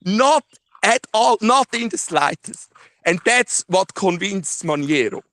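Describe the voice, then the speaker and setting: Halting Swiss German-accented man on a call. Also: high voice, animated, a bit bright, no room sound. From Switzerland. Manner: halting, many fillers and restarts, laughs often. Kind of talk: casual phone call debrief. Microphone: phone.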